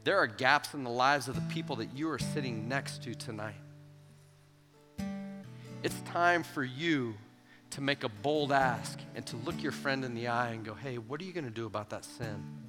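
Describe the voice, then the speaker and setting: A youth pastor preaching a sermon to students, animated and emphatic, acting out the voices in the stories he tells. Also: medium pitch, brisk. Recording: long hall reverb with soft guitar.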